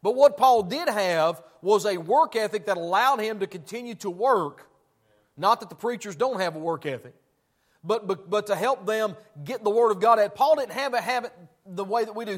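A male pastor preaching a sermon in church, emphatic and prone to repeating words as he restarts. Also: sits high.

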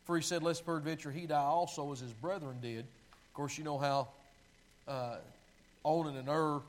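A man's voice: fairly high pitch, fairly even intonation, normal speed, poor audio. A man preaching a sermon, reading long scripture passages aloud in a pleading voice and often stopping to correct himself while finding his place. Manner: reads scripture aloud with pleading, sinking delivery; restarts and self-corrections while finding verses.

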